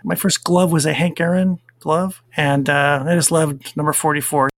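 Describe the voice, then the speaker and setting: Gravelly co-host, casual and rambling. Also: male voice, on the high side, normal speed, no room sound, clean studio sound. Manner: relaxed, rambling with fillers. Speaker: podcast co-host. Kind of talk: casual chat.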